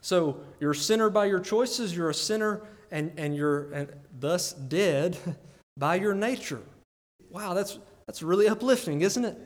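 In an unhurried, expressive high voice, a male pastor speaks earnestly and conversationally from the sanctuary. He checks in often with "right?", and the room adds a long reverberant echo.

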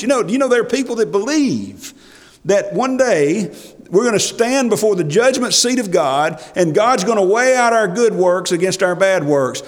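A male pastor preaching a sermon, reading scripture in old-fashioned wording and rising to emphatic passages before dropping quiet. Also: high voice, animated, normal speed. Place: church sanctuary. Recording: long hall reverb from a church.

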